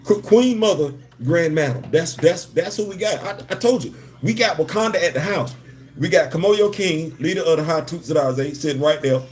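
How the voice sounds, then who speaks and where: A man's voice: fairly high pitch, moderate pace, darkish tone. A man in his fifties hosting a casual live stream, laughing often, restarting sentences and turning heartfelt. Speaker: livestream host.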